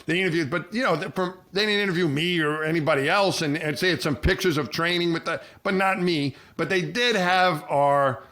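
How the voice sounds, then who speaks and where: A middle-aged man, a former astronaut co-hosting a podcast, telling a long story in a rambling way, with many restarts and lively quoted voices. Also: a little high, brisk, few pauses. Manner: rambling, many restarts, animated when quoting people. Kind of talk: casual storytelling chat.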